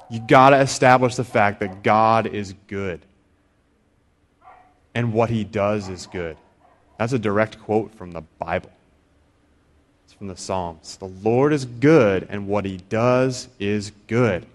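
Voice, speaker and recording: Middle-aged male preacher with an average-pitched voice, casual and chatty, who restarts phrases and briefly acts out other people's thoughts. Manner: conversational, acts out inner voices, repeats words when restarting. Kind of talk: sermon.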